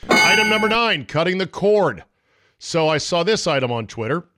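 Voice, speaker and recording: A man's voice: on the high side, big pitch swings, moderate pace, pushed and bright, no echo, clean studio sound. A middle-aged man hosting a podcast, ranting bluntly with sarcasm and profanity. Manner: blunt, profane, sarcastic, mocking voices in quotes. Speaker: podcast host. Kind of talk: opinionated sports talk monologue.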